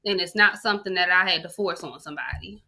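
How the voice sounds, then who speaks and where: A woman's voice: fairly low pitch, fast talker, bright, forceful tone. A woman co-hosting a casual podcast chat, blunt and candid, talking in loose slang. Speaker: podcast co-host.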